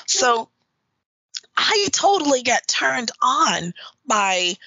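A woman's voice: high-pitched, big pitch swings, drawn-out words, vocal fry, bright, forceful tone, breathy edge, no room sound, low-quality recording. A woman being interviewed about her work as a dominatrix. She talks bluntly and emphatically and swears freely. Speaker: dominatrix guest. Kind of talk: candid interview talk.

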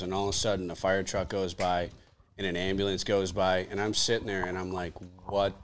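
A young man, the podcast host, telling a rambling, profane story and acting out his own lines in casual chat. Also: fairly low pitch. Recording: faint background noise.

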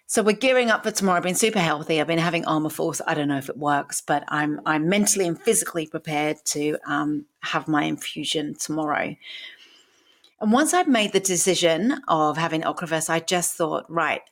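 Low-pitched and expressive, she talks fairly quickly. The speaker is a forties-aged podcast host delivering a monologue about her own life, openly emotional and casually cursing.

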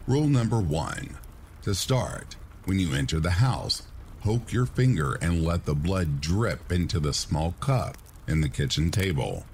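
A deep-voiced man hosts a channel where he reads scripted horror stories for people falling asleep. He speaks in a measured, hushed way, though his pitch moves a lot from line to line, and there is a little background noise.

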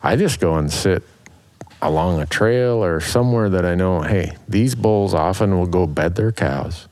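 A man's voice: sits low, unhurried, a little mellow, no echo. A man hosting a casual conversation about hunting, chiming in with short responses. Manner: encouraging, short interjections. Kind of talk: casual chat.

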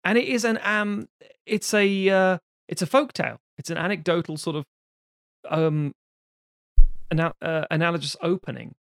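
A man's voice: fairly high pitch, normal speed, dry recording. Man, podcast co-host, casual rambling chat, swears, dry close mic. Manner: rambling, animated, many restarts and swearing. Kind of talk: casual film discussion.

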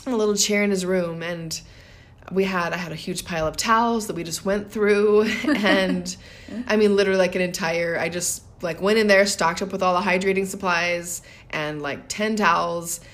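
A woman in her thirties co-hosting a casual podcast chat. She tells personal stories reflectively and laughs often. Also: medium pitch. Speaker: podcast co-host.

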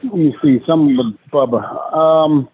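A man guest on a podcast spins a rambling story, full of fillers and restarts. His voice sits a little high. It comes through a tinny, phone-like line with faint hiss. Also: takes it slowly. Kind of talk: casual chat.

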